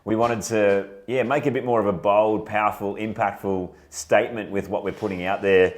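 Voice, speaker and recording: Man, fairly low voice, upbeat co-host, gets louder when excited. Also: normal speed. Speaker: co-host, trainer. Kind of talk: casual chat.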